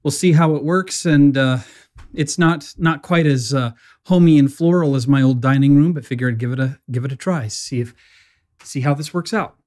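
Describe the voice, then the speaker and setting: A man's voice: fairly high pitch, normal speed, darkish tone. Chatty man reviewing a pen. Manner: chatty, self-deprecating, frequent fillers and restarts. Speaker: pen reviewer, channel host. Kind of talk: casual product review. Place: small home studio.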